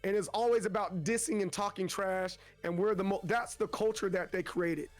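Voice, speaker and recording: High-voiced man, casual and rambling. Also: steady tone, normal speed, faint music behind. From Tennessee, USA. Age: adult with children. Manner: rambling, frequent restarts, acts out quotes. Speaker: guest streamer. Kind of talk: casual interview talk.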